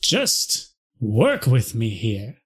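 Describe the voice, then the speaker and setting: A man playing a stubborn old man who talks slowly and patronizingly. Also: mid-range voice, wildly swooping pitch, husky, voice pushed down, exaggerated voice. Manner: slow, drawling, patronizing. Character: stubborn old man, self-appointed stand-in.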